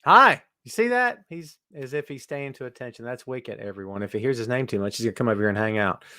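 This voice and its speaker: A man's voice: medium pitch, animated, fast, bright, forceful tone, dry recording, studio quality. A man hosting a live wrestling talk stream, chatting casually and teasing while he greets viewers by name.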